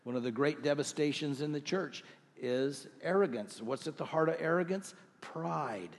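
A middle-aged male pastor preaching a sermon to his congregation, earnest, with rhetorical questions and slow scripture readings. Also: fairly high pitch, big-room sound. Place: church sanctuary.

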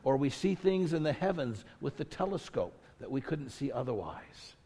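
A pastor's husky, mellow voice of medium pitch moves in a sing-song way at normal speed as he delivers his sermon. He grows more intense as he goes, repeating himself emphatically to drive each point home. The church sanctuary gives the recording a large hall's long reverb.

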